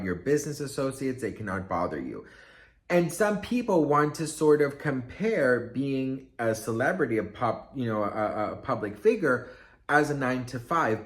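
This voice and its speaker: Male vlogger, conversational storyteller, very lively pitch, talks around the middle of the male range. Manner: chatty and expressive, acts out quotes, many fillers. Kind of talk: casual storytelling to camera.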